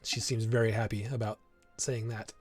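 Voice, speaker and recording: A man's voice: fairly low pitch, little pitch movement, moderate pace, darkish tone, soft background music. A man running a tabletop game as game master, narrating loosely with fillers and frequent laughs.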